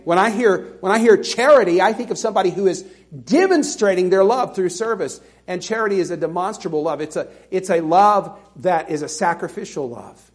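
A middle-aged pastor from Alabama preaches in a loose, conversational way and pokes fun at himself. His voice sits fairly high for a man. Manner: conversational, self-deprecating, with laughing asides. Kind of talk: sermon.

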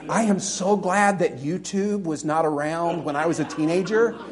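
Higher-pitched man preaching a sermon. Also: moderate pace. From Alabama, US. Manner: conversational, self-deprecating, with laughing asides. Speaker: pastor.

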